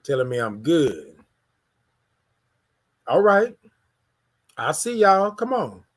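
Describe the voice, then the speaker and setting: A man from Houston hosting a casual morning livestream, greeting viewers and hyping up the chat. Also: on the high side. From Houston, Texas. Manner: energetic, hypes the chat, drawn-out sung greetings. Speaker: livestream morning show host.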